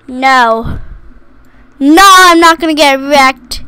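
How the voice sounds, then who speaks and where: A gaming YouTuber provides playful commentary on her gameplay, giggling, singing little la-las, and teasing other players with mock menace. Her voice is very high and sharp, and she speaks slowly.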